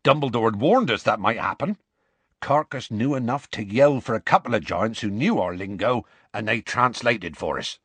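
A man voicing Hagrid, a big gruff half-giant who tells the story in rough, homely speech. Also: on the low side, a bit bright, dry recording. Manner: rough colloquial grammar, slow homely storytelling.

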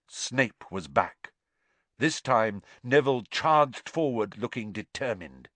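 A man narrating a story in a dramatic, expressive reading style. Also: mid-range voice, measured pace, dry recording. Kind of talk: audiobook narration.

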